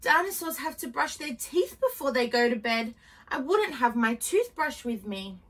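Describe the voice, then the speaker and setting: A woman's voice: high voice, big pitch swings, normal speed, fairly bright tone, far from the mic, exaggerated voice. A woman voicing an anxious, timid young male dinosaur in a storybook reading, in a fretful, pleading way.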